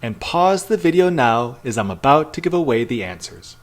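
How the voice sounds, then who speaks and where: A man teaching a recorded pre-class lesson, modelling each phrase slowly and repeating it for learners. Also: medium pitch, very animated. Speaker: language teacher. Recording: roomy echo.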